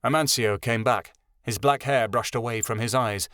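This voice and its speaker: A man narrating a fantasy audiobook in an even storytelling manner. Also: mid-range voice, moderate pace, clean tone, no room sound, studio quality.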